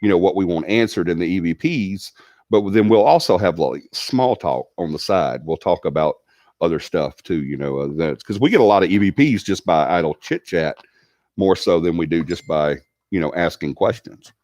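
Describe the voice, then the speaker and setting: A man's voice: deep voice, animated, moderate pace, darkish tone, dry recording. A man with a Southern American accent hosting a casual livestream, rambling and chatty as he tells stories and reads out viewer comments. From Alabama. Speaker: livestream host.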